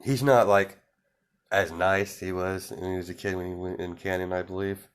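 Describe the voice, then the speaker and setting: A man spins an improvised fan story in a loose, rambling way, full of ums and restarts. His voice sits very low and deep. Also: steady tone, moderate pace, clean tone. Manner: rambling, many fillers and restarts.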